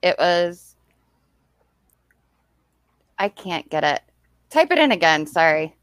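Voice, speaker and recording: A woman hosting a casual livestream, relaxed and laughing along with her co-host. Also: lowish voice, takes it slowly, smooth, no echo, clean studio sound. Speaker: streamer host.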